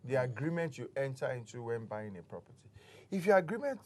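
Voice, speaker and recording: A man's voice: medium pitch, fairly quick. A man with a Nigerian English accent, a real estate expert explaining deals on a studio talk show in an emphatic, explanatory way. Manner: explanatory, emphatic, grows animated.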